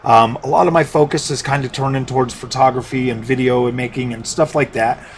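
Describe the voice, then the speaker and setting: A man's voice: medium pitch, steady tone, a little fast, slight background noise. A man talking casually as a tech YouTuber, rambling with frequent restarts and dry sarcasm. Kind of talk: casual talking-head commentary.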